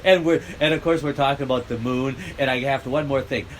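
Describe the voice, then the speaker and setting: A man's voice: mid-range voice, steady tone, fast, a little hiss or hum. An older American man vlogging outdoors, talking bluntly and joking as he rambles. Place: outdoors near a road.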